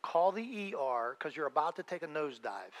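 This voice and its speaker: A male pastor delivering a sermon in a relaxed, talky manner. His voice sits a little high for a man. He leans hard on key words, then drops to soft, low asides. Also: fairly quick. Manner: conversational preaching, swinging between loud emphasis and quiet asides.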